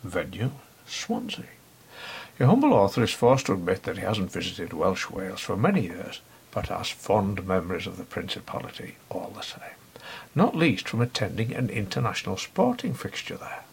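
A man's voice: low-pitched, sing-song, normal speed, creaky, husky. A middle-aged man hosting a podcast, reading a scripted satirical review in a dry, sardonic, mock-pompous manner. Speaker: podcast host.

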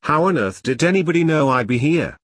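A gushing male auctioneer, giggly and excitable, voiced by a man narrating a story. His pitch bounces around, the voice a touch husky and dry, recorded close. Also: fairly quick, dry recording.

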